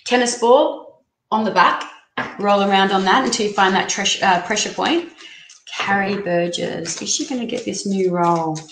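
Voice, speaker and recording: A woman hosting a casual live-stream tarot reading, chatty and excitable as she reads out viewer comments. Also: mid-range voice, moderate pace. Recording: echoey room, faint background noise.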